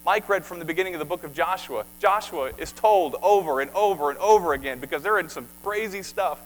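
A man's voice: sits high, a little fast, soft background music, rough recording. A man preaching a sermon as pastor, talking conversationally with stumbles and repeats, then building to passionate questions. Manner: conversational, repeats words, rises to impassioned questioning.

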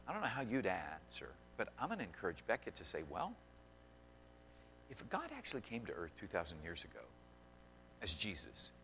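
A male minister preaching a sermon with animated storytelling to an audience in a large hall. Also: lowish voice, slight background noise. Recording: long hall reverb.

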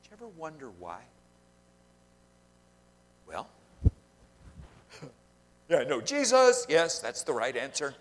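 A man preaching a sermon, swinging between loud emphasis and quiet asides and questioning the congregation directly. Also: a little high, huge pitch swings, takes it slowly, pauses often. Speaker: pastor.

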